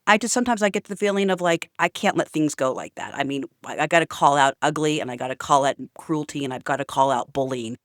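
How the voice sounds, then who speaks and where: A woman's voice: low-pitched, fast, few pauses, no room sound, studio quality. Blunt, outspoken woman ranting casually. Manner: blunt, outspoken, swears freely; chatty with many fillers. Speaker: vlogger. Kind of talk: casual storytelling rant to camera.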